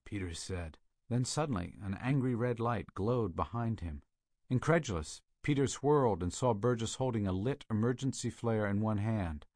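Guy narrating a thriller audiobook, kinda low voice, steady, dry studio sound. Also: normal speed, dry recording.

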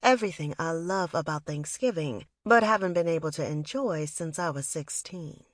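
Woman, audiobook narrator, lowish voice, reflective first-person storytelling, dry close sound. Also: normal speed, no room sound.

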